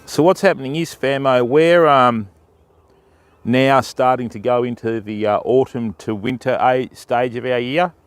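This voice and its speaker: An Australian man at a mid pitch talks casually into a phone on a riverbank outdoors. He is matey and easygoing and greets viewers one by one. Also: unhurried, clear, resonant tone, no echo. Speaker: fishing livestreamer. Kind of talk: casual livestream chat.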